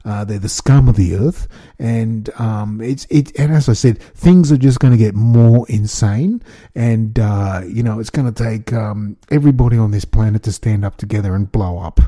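A man's voice: lowish voice, warm tone, husky, no echo, studio quality. A man hosting a solo podcast, rambling and ranting with many ums and restarts. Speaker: podcast host.

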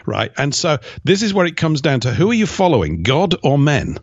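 A man's voice: a little high, big pitch swings, fairly quick, slightly rough, no room sound, dull audio. A man giving emphatic, opinionated answers as an interview guest, with mocking asides. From Britain.

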